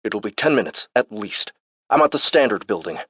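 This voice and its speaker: Man doing a calm, thin-voiced man. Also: on the low side, slightly rough, no room sound, clean studio sound, exaggerated voice. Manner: calm, measured.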